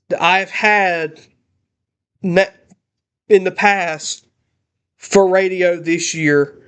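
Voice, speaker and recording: Young guy ranting on his laptop, kinda high voice, keeps stopping and restarting cause he's upset. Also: a bit bright, smooth. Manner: emotional, halting with many restarts. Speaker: channel host. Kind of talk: casual vlog rant. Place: room in his parents' house. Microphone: laptop recording.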